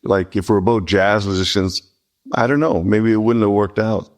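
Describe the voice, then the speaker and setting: A man, a guest guitarist, chatting in an interview and dropping dry jokes with a deadpan touch. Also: lowish voice, moderate pace. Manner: dry, joking asides. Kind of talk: casual interview chat.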